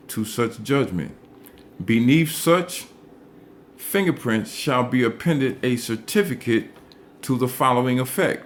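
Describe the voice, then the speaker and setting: Man, mid-pitched, lecturing on legal rules in a measured, emphatic read, with faint hiss behind him. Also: expressive. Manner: deliberate, emphatic, repeats key words. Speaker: legal explainer. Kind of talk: instructional talk reading statutes aloud.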